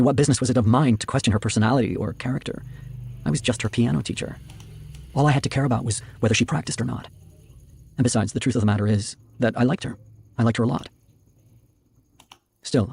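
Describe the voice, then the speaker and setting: Fast gravelly man reading aloud. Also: mid-range voice, steady tone, darkish tone. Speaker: streamer reading a novel. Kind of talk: casual reading aloud of a novel.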